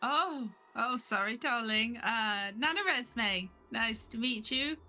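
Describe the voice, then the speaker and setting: A woman's voice: a little high, takes it slowly, sharp tone, heavily acted. A woman doing a sweet, deaf old granny. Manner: hard of hearing, sweet and polite. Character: doddering, cheerful old grandmother.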